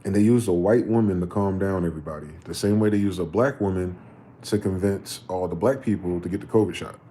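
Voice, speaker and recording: Male livestream host, low mellow voice, rambling profane commentary, faint noise behind. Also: fairly quick.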